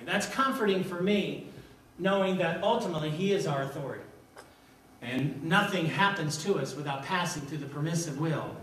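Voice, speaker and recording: Older pastor preaching, high voice, echoey church, mic far away. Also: male voice, a bit bright, slight background noise. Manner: emphatic, repeating key lines, slowing down for stress. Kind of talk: sermon. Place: church sanctuary.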